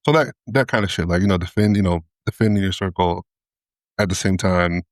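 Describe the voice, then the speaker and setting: A man with a low voice talks quickly and loosely, piling up fillers and profanity as he makes his point. The sound is close and dry, with no room around it. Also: no room sound. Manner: fast, rambling, heavy on fillers and profanity. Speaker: podcast co-host. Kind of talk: casual chat.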